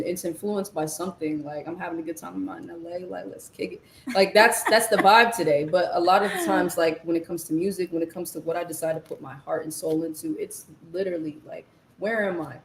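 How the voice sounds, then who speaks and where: A woman's voice: on the low side, a little fast, roomy sound, a little hiss or hum, rough recording. A young woman musician as a guest, talking loosely with slang and lots of fillers. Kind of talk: casual chat while eating. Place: Los Angeles.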